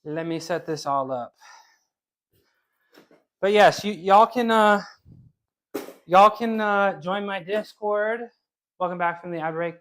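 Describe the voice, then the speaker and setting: Man, slightly higher voice, loose rambling live-stream workout coach who chats with viewers between sets. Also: takes it slowly, pauses often, fairly bright tone. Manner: casual, rambling, repeats himself; talks to chat while exercising. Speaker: fitness streamer.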